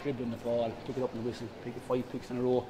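A man's voice: medium pitch, monotone, very fast, roomy sound, in a large hall, background noise. A man coaching a hurling session, calling out short instructions and encouragement, then answering coaches' questions. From Ireland. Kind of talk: outdoor coaching drill then Q&A.

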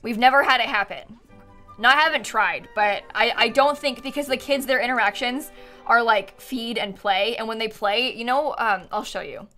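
With soft music in the background, a young woman in her twenties streams a life-sim game live, chatting away, giggling, and laughing often. Her voice sits a little high, has a sharp tone, and moves at normal speed.

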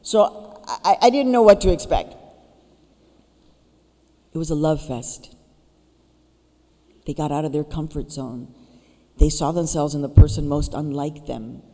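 A woman's voice: low voice, unhurried, long pauses, warm tone. A woman giving a keynote speech, telling stories and urging her audience directly. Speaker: keynote speaker. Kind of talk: public speech. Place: school auditorium. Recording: reverberant auditorium.

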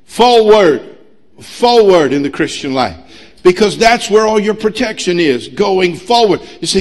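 A middle-aged man preaching a sermon as pastor, emphatic and humorous, swinging between loud pushes and quiet asides. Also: high voice, animated, unhurried. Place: church sanctuary.

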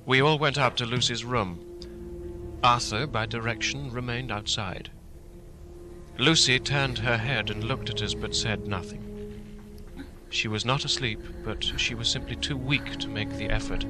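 A man narrating a classic novel as an audiobook in a steady, dramatic storytelling manner. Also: medium pitch, a little slow, low-quality recording. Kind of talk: scripted narration. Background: faint film music.

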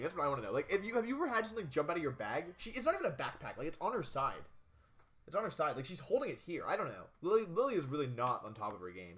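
An excitable young man talks through a video game in a casual let's play, full of jokey asides. His voice is bright and slightly high for a man, with lively swings in pitch. Faint game music plays behind him.

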